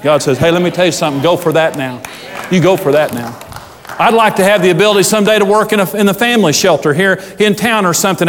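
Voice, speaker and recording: Fervent high-pitched preacher in a hall. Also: male voice. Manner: fervent preaching with big swings from loud highs to low hushed asides. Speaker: pastor. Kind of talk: sermon.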